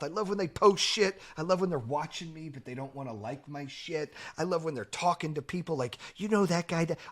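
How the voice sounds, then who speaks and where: A male podcast host talking in a blunt, fired-up way, swearing freely. His voice sits somewhat high for a man. He talks in casual chat. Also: pushed and bright.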